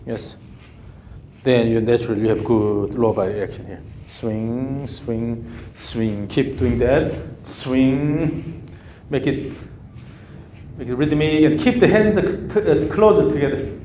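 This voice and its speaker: A man's voice: medium pitch, mellow, slight background noise. A man coaching a golf student live with clipped instructions and repeated counting cues, a native Korean speaker. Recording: echoey room with faint ambience.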